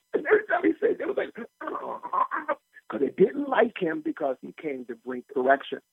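A man preaching a radio sermon as pastor and host, animated and folksy, often laughing as he teaches. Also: extremely high pitch, unhurried, gravelly, husky, no room sound. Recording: tinny phone-like line, dry.

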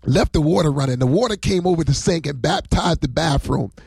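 A man's voice: a little high, brisk, creaky, darkish tone, breathy edge, dry recording. A man preaching on a livestream as a pastor, rambling and emotional, often breaking into laughter.

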